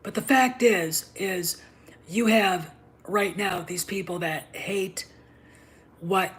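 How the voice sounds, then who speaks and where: A middle-aged woman hosting a livestream, talking in an emphatic, combative way and often dropping to a low whisper. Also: slow. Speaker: show host. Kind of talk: opinionated livestream monologue.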